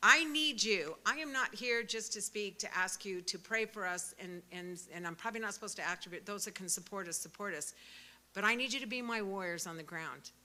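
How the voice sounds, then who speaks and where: Woman in her sixties, passionate speech, emphatic, forceful bright tone, mid pitch. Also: a little fast. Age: 60s. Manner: fervent and emphatic, rising to loud peaks. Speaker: speaker at a pro-life event. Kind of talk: impassioned speech.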